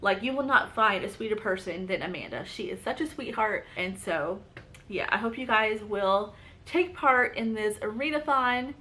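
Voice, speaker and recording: A woman's voice: medium pitch, animated, normal speed, pushed and bright. A woman with a light Southern US accent chatting to camera about books in a bubbly, chatty way. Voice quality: bubbly, chatty, lots of "like" and "you guys". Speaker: book channel host. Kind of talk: casual chat to camera.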